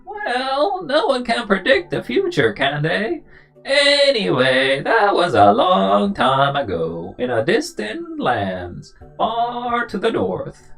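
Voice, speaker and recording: A streamer voicing a teasing old woman in her eighties, in a slow sing-song manner, reading game dialogue aloud. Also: mid-range voice, wildly swooping pitch, vocal fry, fairly bright tone, faint music behind, voice pushed up, exaggerated voice. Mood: wistful.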